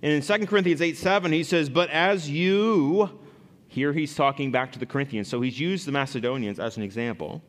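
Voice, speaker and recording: A man preaching a sermon as pastor, earnest and lively, often restarting phrases as he explains scripture. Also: fairly high pitch, brisk, long reverb tail.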